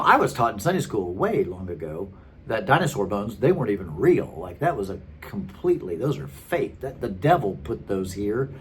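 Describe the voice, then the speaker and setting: A man's voice: fairly low pitch, a little hiss or hum. A man in his thirties, a former pastor, telling his story casually and rambling with many fillers. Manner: chatty and rambling, many fillers and restarts, frequent laughs.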